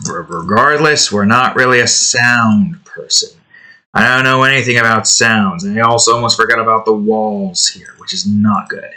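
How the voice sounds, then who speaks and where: A man's voice: on the low side, normal speed, pushed and bright. A young man hosting his own drawing series, chatting casually while he works, rambling and often correcting himself mid-sentence. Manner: rambling, self-correcting, trails off.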